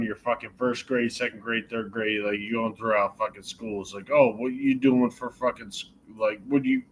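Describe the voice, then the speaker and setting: A man's voice: medium pitch, a bit bright, a little hiss or hum, poor audio. A man in casual chat, rambling and swearing, restarting his sentences. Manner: rambling, profane, restarts often.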